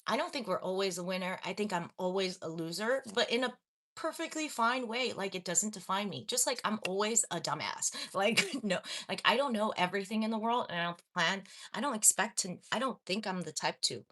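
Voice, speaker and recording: A woman's voice: medium pitch, lively intonation, fairly quick, fairly bright tone. A young adult woman from Los Angeles chatting casually on a livestream, reading viewer comments and laughing at herself often. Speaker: livestream host.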